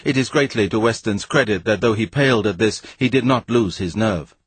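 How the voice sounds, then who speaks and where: Husky low-voiced male audiobook narrator. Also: brisk, dry recording. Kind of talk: storybook narration.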